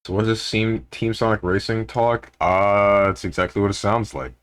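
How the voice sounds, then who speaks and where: A man's voice: on the low side, fairly even intonation, moderate pace, fairly bright tone. A man streaming live, chatting casually and grumbling to his chat. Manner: laid-back, grumbling, talks to chat.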